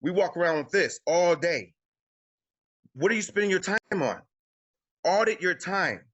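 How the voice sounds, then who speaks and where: A man's voice: high voice, expressive, measured pace, a bit bright, dull audio, slight background noise. A man coaching a live group call, emphatic and repetitive, often tacking on "y'all". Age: adult with children. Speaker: credit coaching host. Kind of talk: motivational coaching talk on a live video call.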